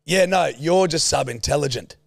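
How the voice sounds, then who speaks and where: Gravelly, swearing Australian man. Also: a little high, moderate pace, noisy background. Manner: crude, swears often, rambling anecdote. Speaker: podcast co-host. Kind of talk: casual chat, storytelling.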